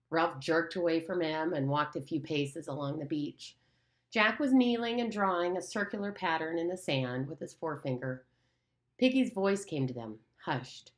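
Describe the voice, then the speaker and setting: A woman reads an audiobook aloud in a steady, measured way. Her voice sits low for a woman. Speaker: audiobook reader. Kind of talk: audiobook narration.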